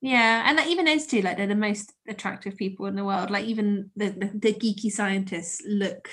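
A woman co-hosting a podcast, talking casually and animatedly, full of "like" fillers and quick laughs. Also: mid-range voice. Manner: chatty, animated, laughs often, many "like" fillers. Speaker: podcast co-host. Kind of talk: casual chat.

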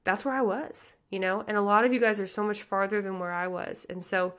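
A woman in her early thirties from the American Midwest hosts a motivational podcast. She talks fast and passionately, full of casual asides and direct address to her listeners, in a mid-range voice. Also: medium pitch, fairly even intonation, a bit bright. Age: 30s. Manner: passionate, fast, chatty with many likes and you guys. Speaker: pageant coach and podcast host.

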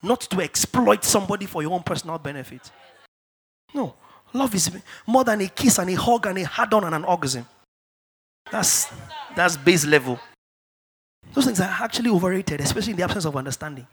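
Husky high-voiced African preacher. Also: male voice, lively intonation, a little fast, pauses often. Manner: emphatic preaching that swings from hushed asides to shouted declarations; repeats key phrases for stress. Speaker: pastor. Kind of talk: sermon. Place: church.

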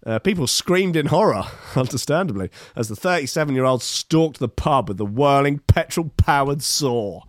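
A man's voice: mid-range voice, animated, moderate pace, few pauses, no echo, clean studio sound. A man reading news articles aloud and commenting on them casually, with sardonic, rambling asides.

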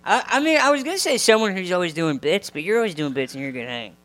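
A man's voice: high voice, lively intonation, fast talker, a bit bright. Laid-back, rambling male comedian guest. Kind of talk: casual comedy chat.

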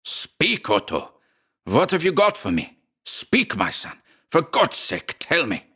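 A man doing a gruff menacing old father. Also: on the high side, huge pitch swings, slow pace, bright, forceful tone, voice pushed up, full character voice. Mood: frantic. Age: older. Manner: gruff, impatient, threatening. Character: menacing desperate old father demanding money.

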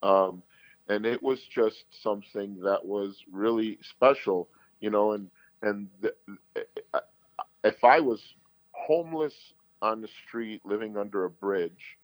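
Low-voiced man telling earnest stories. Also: takes it slowly, dry recording, rough recording. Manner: earnest, rambling, emotional, frequent restarts. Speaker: guest. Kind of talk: candid conversational storytelling.

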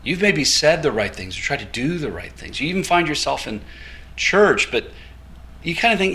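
A man preaching from the pulpit, his voice swinging widely in pitch as he tells a story. The tone is bright and forward, with quick acted-out dialogue and easy chuckles. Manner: animated storytelling with quoted dialogue and light laughter. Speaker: guest preacher. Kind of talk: storytelling sermon.

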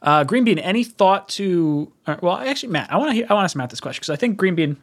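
Joking podcast host, somewhat high voice. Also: male voice, big pitch swings, fast. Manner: joking, teasing, reads listener comments. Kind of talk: casual sports chat.

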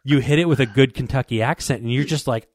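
A man's voice: mid-range voice, quick pace, no room sound, studio quality. A man casually telling a long hunting story, rambling and stumbling over repeated words while acting out what people said to him.

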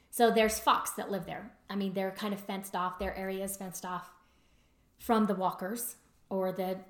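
Speaking in an echoey room, a woman with a mid-range voice tells a personal story in a reflective talk about trauma and choice. She's conversational, uses many fillers, and imitates her husband when quoting him.

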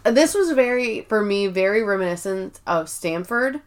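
A woman co-hosting a podcast, recapping episodes in casual, animated chat and acting out lines. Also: mid-range voice. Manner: quick, animated storytelling with acted-out quotes. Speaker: podcast co-host.

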